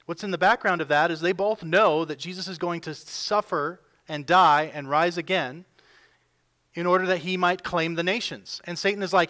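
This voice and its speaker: A male pastor delivers a sermon with a voice sitting a bit above the usual for men. He leans hard into his points, then falls back to a hushed tone before rising again. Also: a little high, normal speed. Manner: emphatic preaching, voices quoted figures with rising force.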